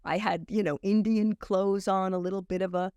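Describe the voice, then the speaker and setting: Her mid-range voice comes through smooth and echo-free, though the highs are cut off. This older acting teacher, guesting on a podcast, shares lively anecdotes in conversation, restarting often and performing the lines of the people involved.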